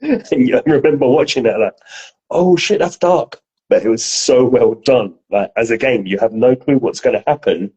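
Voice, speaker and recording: A man co-hosting a podcast, telling stories in a casual, animated way and swearing freely. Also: medium pitch, brisk, hardly any pauses, husky, rough recording. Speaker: podcast co-host. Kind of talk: casual chat.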